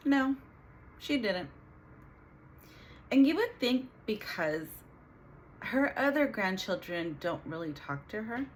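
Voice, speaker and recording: A middle-aged woman vlogging, telling a painful family story in an earnest, halting way with many restarts. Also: mid-range voice, slight background noise. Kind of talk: emotional personal storytelling.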